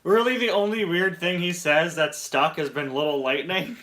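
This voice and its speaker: A young man hosting a casual chat, enthusiastic and quick to laugh. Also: on the high side, bright, forceful tone. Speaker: host.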